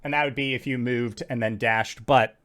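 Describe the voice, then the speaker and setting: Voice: mid-range voice, fairly even intonation, moderate pace, fairly bright tone. A game master narrating a tabletop game in a loose, casual way, with frequent fillers and a bit of swearing.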